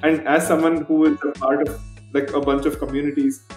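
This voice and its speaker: A man's voice: a little high, little pitch movement, fairly quick, darkish tone. Man, podcast host, reflective, agreeable, echoey room, faint music. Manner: reflective, agreeable, sums up the guest's points. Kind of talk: casual interview conversation.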